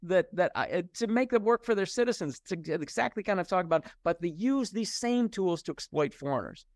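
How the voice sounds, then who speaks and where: A man's voice: high voice, lively intonation, brisk, no echo, studio quality. A middle-aged man speaking as an interview guest, explaining at length in a thoughtful way with frequent restarts and fillers. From United States. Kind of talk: conversational interview.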